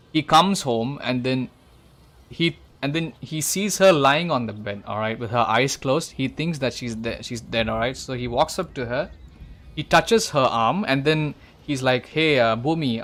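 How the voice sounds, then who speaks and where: On a gaming livestream, a man with a mid-range, fairly bright voice casually retells a film plot. He rambles, restarts often, swears a lot and talks directly to the listener.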